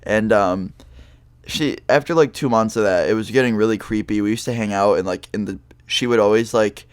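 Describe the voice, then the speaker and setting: A man's voice: lowish voice, a little fast, smooth, dry recording. A young man telling a personal story in a casual, rambling monologue, full of fillers and the odd swear word.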